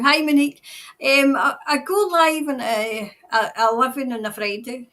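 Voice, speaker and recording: A woman's voice: high-pitched, fairly even intonation, moderate pace, bright, forceful tone. A Scottish woman hosting a tarot livestream, chatting casually and ramblingly with viewers while tired.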